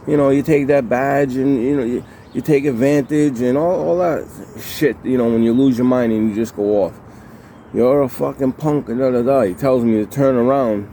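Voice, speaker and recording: A man's voice: mid-range voice, moderate pace, hardly any pauses, dark tone, a little hiss or hum. Heated, profane man telling a prison story. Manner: heated, profane, repeats himself, acts out quotes. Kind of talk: casual storytelling to camera.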